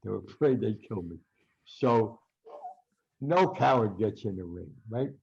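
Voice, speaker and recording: An older man with a gravelly, husky voice tells ringside stories with energy. He acts out the voices of the people he quotes. The audio is dull and lo-fi. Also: lowish voice, unhurried. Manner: animated storyteller, acts out quotes loudly. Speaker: guest boxing writer. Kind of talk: storytelling interview.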